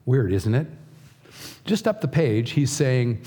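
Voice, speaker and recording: A middle-aged man preaching a sermon, earnest and slow, dropping to a hush at times. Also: mid-range voice, sing-song. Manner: earnest, slow emphatic delivery with soft, hushed passages. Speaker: pastor.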